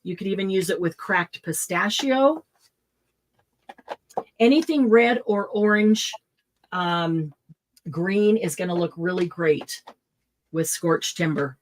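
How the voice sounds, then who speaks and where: A woman's voice: lowish voice, slow, pauses often, a little hiss or hum, poor audio. A middle-aged woman hosting a live craft supply sale, chatting casually, laughing often and listing product colors.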